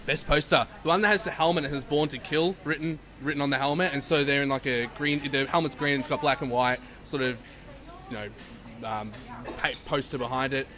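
A man's voice: medium pitch, fairly even intonation, brisk. A man playing along as a contestant in a casual movie chat, joking and laughing often.

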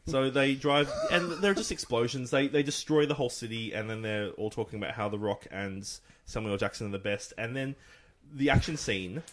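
A man talking on a podcast among friends. He rambles through his point with frequent ums. His pitch sits in the middle range. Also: brisk. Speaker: podcast co-host. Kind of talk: casual chat.

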